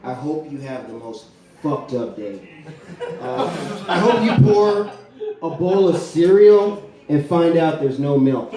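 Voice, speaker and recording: Young man, stand-up comic, slightly high voice, deadpan and profane, echoey room, crowd laughing. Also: distant mic. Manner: deadpan, profane, rambling with fillers. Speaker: stand-up comedian. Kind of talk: stand-up set. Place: comedy club stage. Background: audience laughter.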